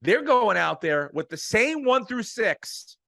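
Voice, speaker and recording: Animated, profane man ranting. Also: sits high, takes it slowly, vocal fry, no room sound. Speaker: podcast co-host. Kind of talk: heated sports podcast rant.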